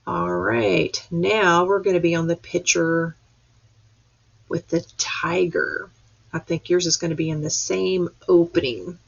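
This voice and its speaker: A woman teacher speaks to young children in a slow, low, patient voice, sounding out letters and praising each answer. Her tone is husky with a gravelly edge. The audio is dull and lo-fi, like a webcam mic. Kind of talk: reading lesson for young children. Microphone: webcam or computer mic.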